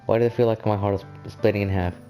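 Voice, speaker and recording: A man reading lines for an anxious, gentle teenage girl in a visual novel game, in a soft, hesitant way. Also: fairly low pitch, steady tone, fast talker, faint music behind, natural voice. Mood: distressed.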